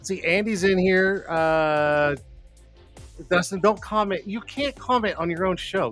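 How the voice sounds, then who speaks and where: Male livestream host with a slightly high voice, loose and profane, rambling chat. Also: measured pace, fairly bright tone, soft background music. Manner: rambling, profane and laughing often. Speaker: host of a live streamed show.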